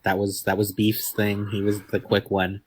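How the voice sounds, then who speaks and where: A man's voice: fairly low pitch, completely flat delivery, moderate pace, husky. A man playing a tabletop game, chatting casually, self-deprecating and thinking aloud. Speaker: player.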